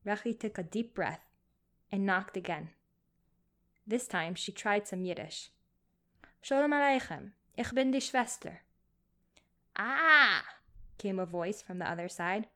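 Woman narrating a story at medium pitch. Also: a little slow, long pauses.

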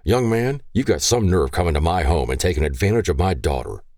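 Man doing a deep, stern, angry father, commanding. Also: lively intonation, fairly quick, darkish tone, dry recording, clean studio sound. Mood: furious. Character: furious protective father, gruff and commanding.

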